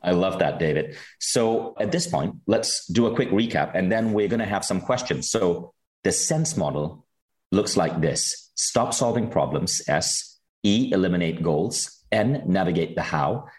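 A man hosting a podcast interview who speaks in a measured way, summing up points and guiding the questions. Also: low-pitched, animated. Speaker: podcast host.

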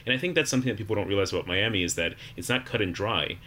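A man from Florida chats and reminisces as co-host of a casual podcast. His voice sits very low, yet it has a bright, forward edge. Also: racing, a little hiss or hum. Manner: reminiscing, chatty.

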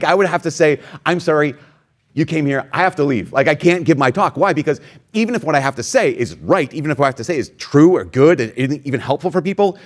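A man preaching a homily as a priest, telling a personal story with animated quoted voices and self-deprecating humor. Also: mid-range voice.

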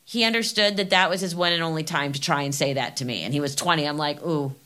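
A woman's voice: sits low, fast talker, bright, forceful tone. A middle-aged woman hosting a podcast, telling anecdotes animatedly and laughing often. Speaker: podcast host. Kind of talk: casual chat.

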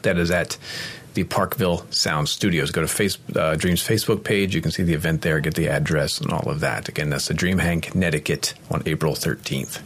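A man's voice: extremely low pitch, steady tone, fairly bright tone, slightly rough. A man hosting a podcast, reading sponsor spots and chatting casually with a guest, laughing often. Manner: laughs often, quick reactions. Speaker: podcast host. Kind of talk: casual podcast chat and ad reads.

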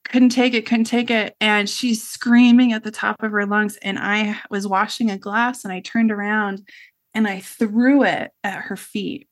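A woman's voice: medium pitch, fairly even intonation, measured pace. A middle-aged woman, a guest in an interview, telling a personal story in an earnest, reflective way, with frequent fillers like "you know" and "like".

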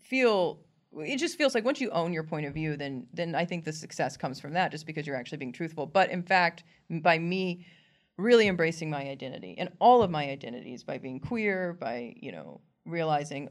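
Lively, laughing woman comedian. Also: on the low side, fairly quick. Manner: animated, laughs often, acts out quotes. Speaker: comedian guest. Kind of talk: casual interview chat.

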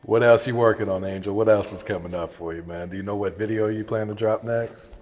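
Male interview host, low voice, relaxed questions, roomy reverb. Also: brisk. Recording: echoey room with long reverb.

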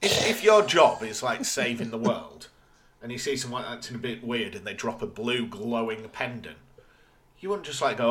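A man's voice: mid-range voice, animated, moderate pace, a bit bright. A man co-hosting a podcast, casually recapping an episode plot with wry, dry asides. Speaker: podcast co-host.

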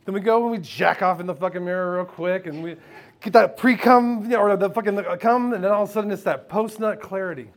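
An American man stands on a live stage before an audience, telling a candid, profane personal story and often laughing along with the crowd. His voice sits high and he talks at a quick pace.

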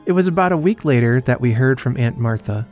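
A male podcast host narrating a classic story in a measured, dry storytelling manner. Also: medium pitch, expressive, a little mellow, soft background music.

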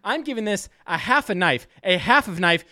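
A man with a high voice co-hosts a casual sports podcast and rants with animated energy. His mic is close and dry, with no room sound at all. He leans into mock-announcer build-ups. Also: normal speed, no echo. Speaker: podcast co-host, media reviewer.

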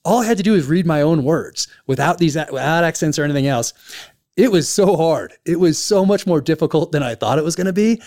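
A man's voice: on the high side, expressive, fairly quick, a little mellow. A man hosting a podcast interview, chatting casually and enthusiastically, with many restarts and fillers. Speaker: podcast host, author.

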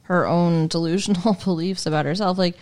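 A woman's voice: fairly low pitch, steady tone, brisk, a little mellow. A woman co-hosting a podcast in casual chat about a movie, full of puzzled questions and filler "like"s.

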